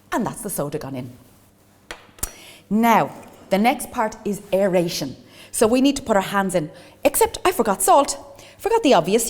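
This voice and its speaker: A woman's voice: mid-range voice, darkish tone, long reverb tail. An Irish woman teaching a baking lesson, chatty and enthusiastic as she gives tips and little asides while she works. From Ireland. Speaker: cooking teacher. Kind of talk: cooking demonstration.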